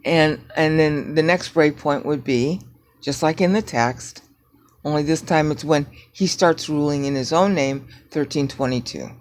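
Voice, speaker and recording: A woman teaching Bible prophecy in a rambling screen-share lecture, often checking in with "okay?" and grumbling at her software. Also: low-pitched, a little slow. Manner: digressive, frequent "okay?" checks, irritated asides at software.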